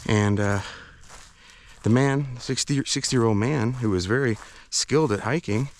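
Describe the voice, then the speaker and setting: A man's voice: medium pitch, a little slow, a little hiss or hum. A man vlogging while hiking outdoors in a forest, out of breath, talking in a rambling, hesitant way. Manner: rambling, hesitant, many fillers and restarts. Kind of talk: casual walk-and-talk vlog.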